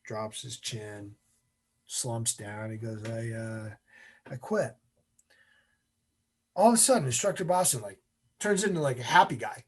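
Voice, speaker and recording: A middle-aged man, an interview guest, telling a story in an animated way and acting out the scenes. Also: mid-range voice, normal speed, slightly rough.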